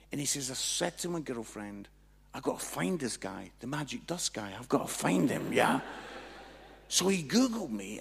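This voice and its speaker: A man, a pastor preaching and telling a story with lively acted-out dialogue. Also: a little high, vocal fry, breathy edge. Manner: animated, acts out both sides of dialogue. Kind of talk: sermon storytelling.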